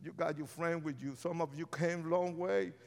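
A man preaching an impassioned sermon and altar call in a large church, swinging from shouts to hushed pleas. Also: on the high side, steady tone, moderate pace, gravelly. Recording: long reverb of a large hall.

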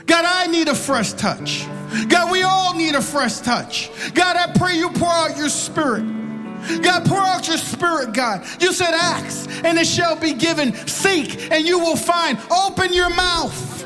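A man's voice: very high voice, unhurried, in a large hall, music in the background. A man preaching and leading an altar-call prayer, building into impassioned, repetitive pleading. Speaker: pastor.

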